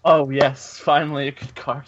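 A man's voice: on the high side, flat delivery, moderate pace, a crowd in the background. A man joking and complaining in exaggerated fashion during a casual game-night podcast chat. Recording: muffled lo-fi podcast audio.

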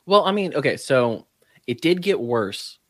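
A man on a casual podcast chat, halting and hesitant while recovering from eating a spicy chip. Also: mid-range voice, very animated, no room sound.

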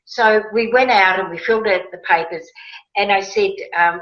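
A woman telling a personal story in a casual interview, animated and emotional, acting out her own past words. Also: medium pitch, moderate pace. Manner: animated, emotional, quotes herself with rising excitement. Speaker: guest. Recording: roomy, slightly dull sound.

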